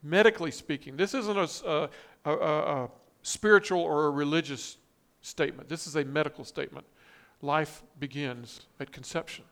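A man's voice: on the high side, moderate pace, few pauses, a bit bright. A man preaching a sermon, reading scripture and quotes with emphatic, rising stress and frequent restarts. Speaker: pastor.

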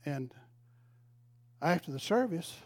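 A man's voice: fairly high pitch, lively intonation, slow, a little mellow. An older man, a retired pastor, telling a folksy, emotional story in a sermon. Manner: folksy, emotional, exclaims praise.

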